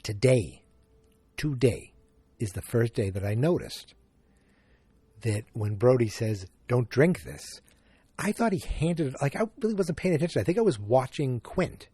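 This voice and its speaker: A man's voice: mid-range voice, animated, normal speed, warm tone, husky, no echo. A man hosting a casual solo podcast, thinking aloud and rambling with restarts. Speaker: podcast host.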